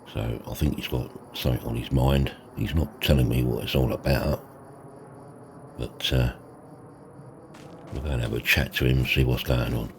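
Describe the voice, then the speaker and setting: A man's voice: extremely low pitch, background noise. A man, chatting in a casual farming roleplay, laid-back and saying mate a lot. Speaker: roleplay host. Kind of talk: casual roleplay narration and chat.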